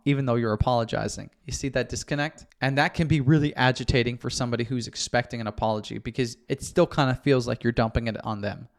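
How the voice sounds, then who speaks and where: A man hosting an advice podcast for husbands, explaining step by step in a coaching tone and checking in with "okay?". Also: medium pitch. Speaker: podcast host. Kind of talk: instructional podcast talk.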